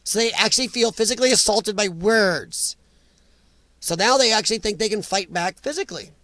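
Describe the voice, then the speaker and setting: A man's voice: high voice, brisk, bright, forceful tone, no echo. A man hosting a casual live stream, ranting bluntly with strong opinions while reading viewer comments.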